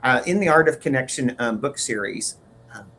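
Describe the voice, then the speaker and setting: A man co-hosting a casual talk show, speaking haltingly with many repeated words and fillers. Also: medium pitch, expressive, a bit bright, slight background noise. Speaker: podcast co-host. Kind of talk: casual conversational chat.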